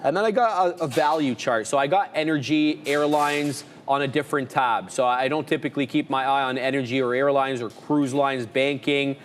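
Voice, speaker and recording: A man's voice: mid-range voice, moderate pace, hardly any pauses, in a large hall, slight background noise. A man co-hosting a live trading show, casually rambling through his watch list. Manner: relaxed, rambling, lists stock names.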